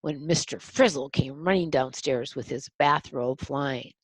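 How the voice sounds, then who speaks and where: Reading a picture book aloud to children, a woman pauses to explain the pictures in simple words for her young listeners. Her voice is extremely low and unhurried, with no echo.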